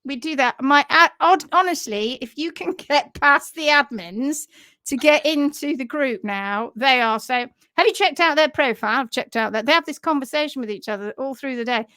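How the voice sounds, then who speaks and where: A woman hosts a casual live stream about horse care, chatty and quick to giggle. Her voice is high and bright in tone. The sound is close and dry. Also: no echo.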